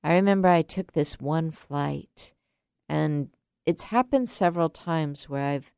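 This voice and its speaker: A woman in her late fifties tells a reflective personal story, speaking slowly and softly with a low, smooth voice. The recording is dry and close, with no room sound. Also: dry recording. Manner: slow, soft-spoken and unhurried. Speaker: teacher.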